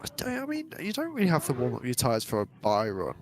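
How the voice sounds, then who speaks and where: A man doing live esports commentary, chatty and jokey, quick to laugh as he calls the action. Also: medium pitch, wildly swooping pitch, slight background noise.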